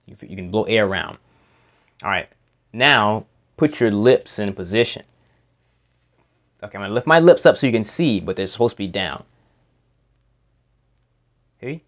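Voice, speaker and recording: A man teaching how to make a speech sound, explaining slowly and repeating practice words and sounds in a demonstrative way. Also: lowish voice, expressive. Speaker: pronunciation teacher. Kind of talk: instructional explanation. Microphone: home microphone.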